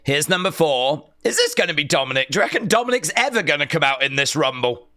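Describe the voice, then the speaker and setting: Animated man reacting live. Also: fairly high pitch, quick pace. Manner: excitable, chatty, mock-outraged. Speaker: wrestling watch-along streamer.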